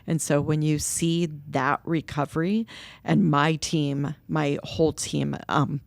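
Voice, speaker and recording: A middle-aged woman with a low, gravelly voice recounts stories candidly in conversation. She brings other people's words to life as she quotes them. The sound is dry and close to the mic. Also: takes it slowly, no room sound. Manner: candid, animated quoting of others. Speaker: guest, nonprofit co-founder. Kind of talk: conversational storytelling. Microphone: podcast microphone.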